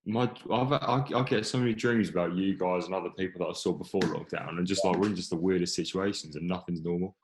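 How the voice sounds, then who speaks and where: A man's voice: deep voice, quick pace, hardly any pauses. A young man chatting casually with friends on a podcast, easygoing and matey, often stumbling as he starts a sentence. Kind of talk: casual chat. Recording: echoey room with faint noise.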